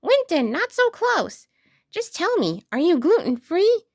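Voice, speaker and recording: Lady doing a squeaky little girl puppy, bossy and playful, swooping way up and down, super dry close sound. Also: a little slow, dry recording, exaggerated voice. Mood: excited. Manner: high, bouncy, excited.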